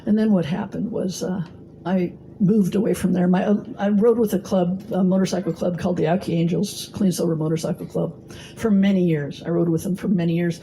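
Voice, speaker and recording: A woman's voice: fairly low pitch, fairly even intonation, fairly quick, mellow, a little hiss or hum, low-quality recording. A middle-aged woman telling her own recovery story at a meeting, blunt and salty, with plenty of fillers. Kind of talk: personal testimony talk. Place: meeting hall.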